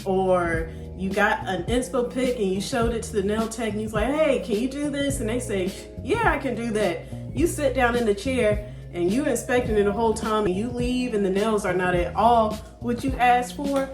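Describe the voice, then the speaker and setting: A woman hosting her channel, chatting casually and telling a relaxed story of her own. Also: a little high, moderate pace, echoey room, over music. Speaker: channel host. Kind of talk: casual reaction-video chat.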